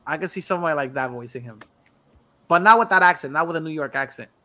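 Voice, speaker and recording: A man talks in a loose, animated way, cursing freely and laughing often. His voice sits high and sounds bright and forceful. It is casual chat among friends. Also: fast.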